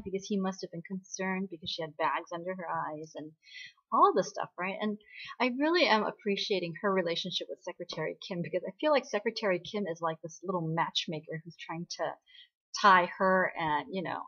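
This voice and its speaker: A woman's voice: lowish voice, a bit bright. A woman casually recapping a drama episode in a chatty way, often checking in with "right?". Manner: chatty, ends points with "right?". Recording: dull lo-fi recording.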